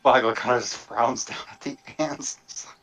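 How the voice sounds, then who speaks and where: A man's voice: mid-range voice, unhurried, a bit bright, a little hiss or hum. A man playing a tabletop game, chatting casually and describing his character. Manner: chatty, laughs and trails off. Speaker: player.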